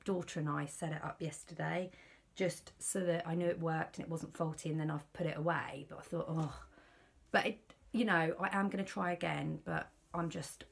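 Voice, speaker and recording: A woman's voice: low-pitched, fairly even intonation, normal speed, gravelly, slightly rough. A British woman in her thirties vlogging at home, talking in a worried, rambling, confiding way. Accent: British English. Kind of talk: candid personal vlog.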